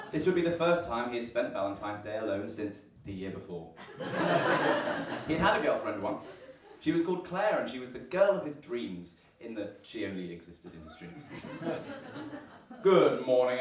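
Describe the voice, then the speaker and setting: A young man in his early adulthood does a stand-up set for a student comedy night, his lowish voice swinging hugely in pitch at a moderate pace. The delivery is dry and self-deprecating, riddled with ums and uhs. He's far from the mic in an echoey room, with audible noise and the audience laughing.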